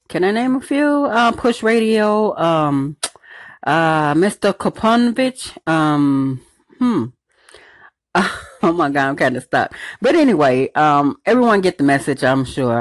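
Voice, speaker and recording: A woman's voice: sits low, no echo. Gushy woman caller, emotional and rambly, dry close sound. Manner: emotional, laughing, effusive, rambling. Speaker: caller leaving voice messages. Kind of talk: recorded voice message.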